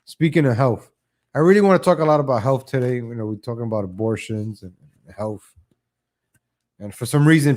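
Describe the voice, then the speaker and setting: A man's voice: medium pitch, a little mellow. A man hosting a live online show, ranting in a casual, sarcastic way, often repeating his first words and mocking people in exaggerated voices. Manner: opinionated, sarcastic, jumps between topics; mocks others in exaggerated voices.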